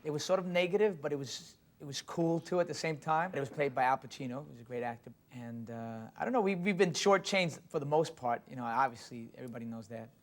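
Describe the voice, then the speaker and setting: Frank mid-pitched man in interview. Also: fast, few pauses. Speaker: interviewee, actor. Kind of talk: documentary interview.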